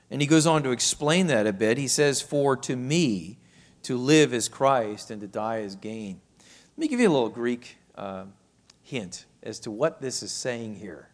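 A man preaching a sermon, teaching from a Bible passage, slowing down to stress key phrases and asking rhetorical questions. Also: mid-range voice. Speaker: pastor.

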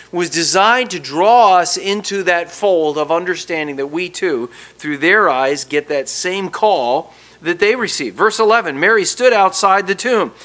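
A male preacher walks his congregation through a scripture passage. His voice is bright and sits a little high for a man. His delivery swings between emphatic bursts and hushed asides. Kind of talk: sermon.

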